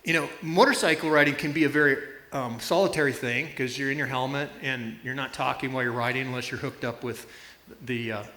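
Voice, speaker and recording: Male preacher, bright, upbeat storyteller, roomy hall sound. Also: mid-range voice, steady tone, brisk. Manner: storytelling with laughs and illustrations. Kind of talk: sermon. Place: church.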